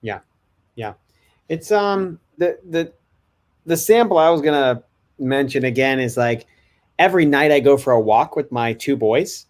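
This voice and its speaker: A man hosting a casual podcast chat, telling a family story with lively acted-out bits. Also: medium pitch. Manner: animated storytelling, quick bursts.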